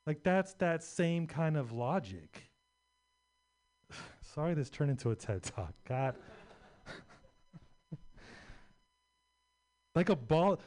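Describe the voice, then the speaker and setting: A young man works a comedy club stage, rambling through a crude, self-deprecating set. His voice sits a little on the high side, and he talks through a stage microphone. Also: a little mellow. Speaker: stand-up comedian.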